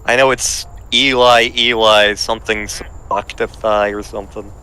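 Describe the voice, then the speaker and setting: A man chatting and joking casually with friends on a voice call while they play a game, animated and quick to cut himself off. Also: lowish voice, clear, resonant tone. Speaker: co-host playing a game. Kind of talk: casual chat while gaming.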